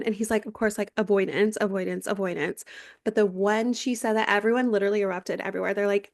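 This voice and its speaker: A woman in her thirties co-hosts a casual podcast, telling a long story with lively energy and free swearing. She slips into the voices of the people she quotes. Her sound is dry and close to the mic, with no room around it. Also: mid-range voice, fast, no room sound. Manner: animated storyteller, swears freely, acts out quotes. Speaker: podcast co-host. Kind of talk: casual chat recapping a reality show.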